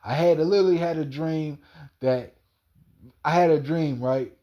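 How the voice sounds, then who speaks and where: A man's voice: on the high side, moderate pace, mellow, highs cut off. A man rambling through a slangy personal monologue, stumbling, repeating himself and calling an absent person by name. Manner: slangy, repetitive, stumbling retelling.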